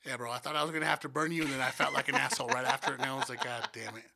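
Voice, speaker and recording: Male podcast co-host, excitable and profane, bright forceful voice. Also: mid-range voice, racing, creaky. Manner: excitable, profane, keeps saying "you know what I'm saying". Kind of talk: casual podcast chat.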